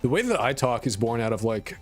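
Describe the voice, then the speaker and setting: A man with a blended New York, Boston and Connecticut accent rambles through casual live-stream chat, peppering it with swearing and self-deprecating asides. His voice is mid-pitched and ordinary for a man, and faint music plays quietly underneath. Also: big pitch swings, a little fast. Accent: mixed New York, Boston and Connecticut. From rural Connecticut, US. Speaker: game dev streamer.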